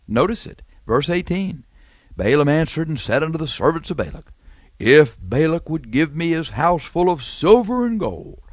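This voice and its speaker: A man's voice: mid-range voice, no echo. A man preaching a sermon in a conversational way, asking rhetorical questions and making wry asides.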